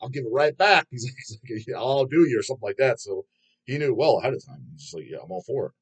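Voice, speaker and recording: A man's voice: medium pitch, animated, fast, slightly rough. A man hosting his own channel, reading viewer comments aloud and answering them in a rambling, profane way, laughing often. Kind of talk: casual chat.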